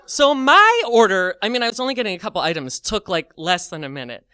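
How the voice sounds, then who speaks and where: A man telling a comic personal story, animated and full of fillers, acting out his own thoughts as he goes. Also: high-pitched, quick pace, hardly any pauses, smooth.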